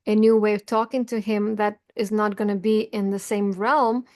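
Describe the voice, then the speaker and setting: A woman's voice: medium pitch, level tone, normal speed. A middle-aged woman coach talking earnestly to camera about feelings, smiling as she speaks, recorded over a video call. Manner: earnest, warm-hearted, smiling while talking about grief. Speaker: self-help coach. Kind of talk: casual talk to camera.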